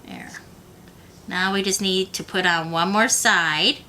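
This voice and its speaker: Woman, craft tutorial host, bright tone, patient step-by-step guide. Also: medium pitch, fairly even intonation, slow pace, a little hiss or hum. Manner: patient, talks the viewer through each step. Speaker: beading instructor.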